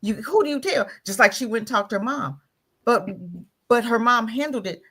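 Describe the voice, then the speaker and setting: A woman's voice: on the high side, animated, moderate pace, pushed and bright, breathy edge. Emphatic woman talk radio host. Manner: emphatic, preachy, repeats points, asks rhetorical questions.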